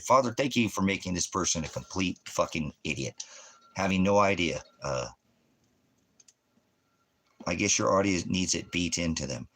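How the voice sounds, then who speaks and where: Angry, scornful man with a forceful voice. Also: sits low. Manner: angry, scornful, loud and combative. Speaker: ministry host reading viewer comments. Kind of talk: profane livestream rant.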